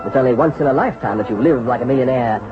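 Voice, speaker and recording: An actor playing a cautious young bank clerk in a vintage radio drama, hesitant and polite, also narrating. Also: male voice, mid-range voice, rapid-fire, close to an everyday voice. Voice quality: hesitant, polite, full of ums and uhs. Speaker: narrator and hero. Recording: dull old radio drama recording.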